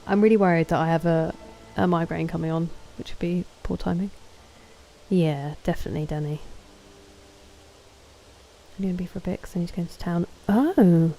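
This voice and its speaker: A woman's voice: lowish voice, fairly even intonation, brisk, long pauses, mellow, faint music behind, low-quality recording. A woman streaming a game, chatting casually with her viewers, greeting and thanking them and answering their questions.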